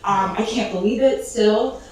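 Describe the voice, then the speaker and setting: Distant, echoey low-voiced woman. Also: a little slow, crowd noise. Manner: rambling with fillers and restarts, laughing through tears. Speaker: interview guest. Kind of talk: emotional storytelling in an interview. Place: clip replayed in a room during a livestream. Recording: echoey, distant playback with faint noise.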